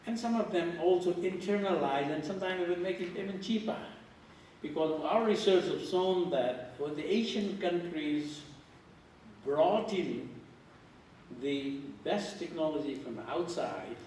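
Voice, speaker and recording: A man's voice: fairly high pitch, a little mellow, slight background noise. An older man giving a conference keynote, emphatic and repeating phrases as he lectures. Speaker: keynote speaker. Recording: echoey hall from far off.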